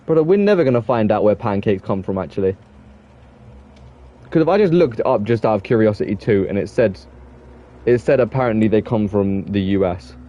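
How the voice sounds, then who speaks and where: During a game stream, a young English-accented man chats to viewers in a fairly low, expressive voice at a fairly quick pace. The audio is muffled, and he rambles on, admitting he's waffling and frequently starting his sentences over.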